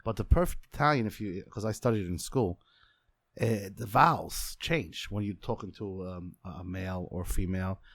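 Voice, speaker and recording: A man from Queens with a New York accent, chatting as a podcast guest and talking in an animated way. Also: deep voice, normal speed, no room sound. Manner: animated, talks up his Italian roots. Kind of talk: casual chat.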